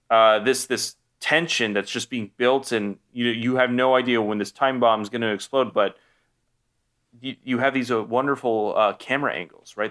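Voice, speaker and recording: A man's voice: mid-range voice, fairly bright tone. A man co-hosting a podcast, talking casually about a movie in a rambling way with many fillers and restarts. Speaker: podcast co-host. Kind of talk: casual film discussion.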